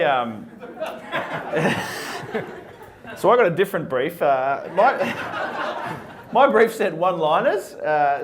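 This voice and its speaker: A male guest comedian, delivering one-liners awkwardly and laughing mid-sentence. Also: fairly high pitch. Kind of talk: self-deprecating one-liners. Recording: noisy room ambience.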